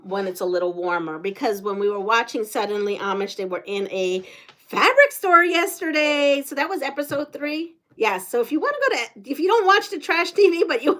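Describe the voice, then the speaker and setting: A middle-aged woman hosts a relaxed livestream, chatting away to her viewers. Her talk is rambling and friendly in tone, easygoing everyday conversation. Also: fairly high pitch. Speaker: quilting channel host. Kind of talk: casual livestream chat.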